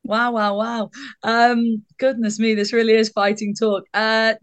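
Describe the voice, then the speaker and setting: A woman hosts a podcast in casual chat. She is teasing and brisk. Her voice sounds dry and close to the mic. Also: fairly high pitch, little pitch movement, smooth, no echo. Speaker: podcast host.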